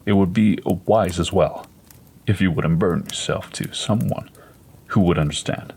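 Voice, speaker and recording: A man voicing a gentle, persuasive middle-aged male doctor in a read-aloud story, speaking in a calm, measured, coaxing way. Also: deep voice, husky.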